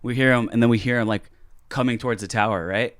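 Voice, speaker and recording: A young man telling a story on a casual podcast. He talks at an ordinary mid pitch, gets animated and swears often. The recording is dry and close. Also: quick pace, no echo. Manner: animated, acts out quotes loudly, swears a lot. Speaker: podcast co-host.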